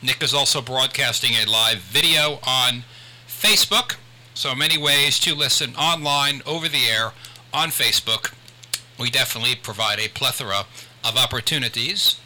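A man's voice: mid-range voice, normal speed, pushed and bright, low-quality recording. An older man hosting a radio talk show, chatting in a rambling way with many restarts. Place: radio studio.

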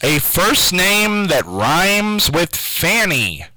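Slow, lively radio quiz host man. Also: high voice, no echo, low-quality recording. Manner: slow and deliberate, spells names out letter by letter. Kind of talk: call-in radio quiz show. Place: radio station studio.

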